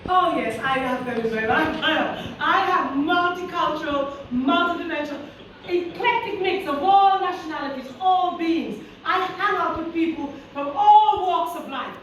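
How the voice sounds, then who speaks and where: A high-pitched woman delivers a motivational keynote to a room of teachers, sassy and preacher-like as she calls out to them. She sounds distant, and a heavy hall echo surrounds every word. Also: normal speed, fairly bright tone, a little hiss or hum. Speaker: keynote speaker. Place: school hall with an audience. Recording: very echoey hall recorded from a distance.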